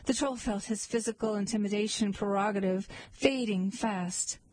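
A woman's voice: mid-range voice, normal speed, darkish tone, no room sound, poor audio. A woman narrating a satirical fairy tale with a dry, mock-earnest delivery. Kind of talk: storybook narration.

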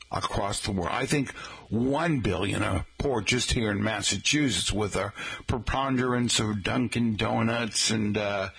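A man's voice: lowish voice, gravelly, a bit bright, slightly rough. A man hosting a radio show in a casual, rambling, folksy way, chatting to his listeners with plenty of asides.

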